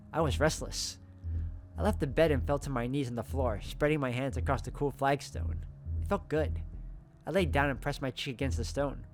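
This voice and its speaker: A man reading a visual novel aloud and adding chuckling asides. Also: medium pitch. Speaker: let's-play host.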